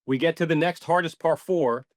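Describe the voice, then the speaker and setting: A man, a podcast guest, telling stories in a casual, animated way, swearing now and then and acting out what people said. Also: on the high side, moderate pace, dry recording, studio quality. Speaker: podcast guest, ball marker maker. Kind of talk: casual storytelling interview.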